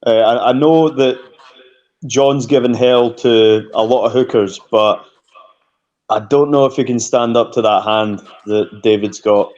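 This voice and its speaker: A man's voice: medium pitch, fairly even intonation, unhurried, a little mellow, muffled recording. A man calling in to a chat show, hesitant and stammering as he talks. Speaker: caller. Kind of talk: call-in chat.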